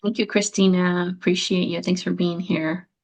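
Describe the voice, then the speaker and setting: A woman's voice: lowish voice, level tone, moderate pace, darkish tone, poor audio. A woman moderating an online book launch over a video call, reading comments aloud with many fillers. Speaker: event moderator.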